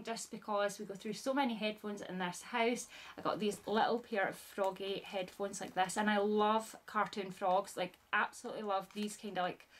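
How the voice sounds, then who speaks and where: A woman, chatting casually as a vlogger and gushing with lots of fillers. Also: mid-range voice. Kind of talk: casual chat.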